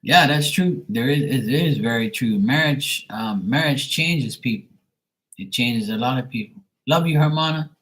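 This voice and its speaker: A middle-aged man rambles through a late-night livestream. He is blunt and liberal with profanity. His voice sits at an ordinary middle pitch in a loose, offhand delivery. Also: animated, normal speed, a bit bright, poor audio. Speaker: livestream tarot reader.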